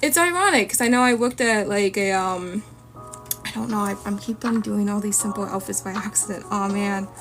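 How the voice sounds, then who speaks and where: A woman's voice: medium pitch, moderate pace, low-quality recording. A young woman streamer chatting casually while she draws, rambling through a story and acting out the voices of the people in it. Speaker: art streamer. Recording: faint lofi music behind. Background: faint lofi music.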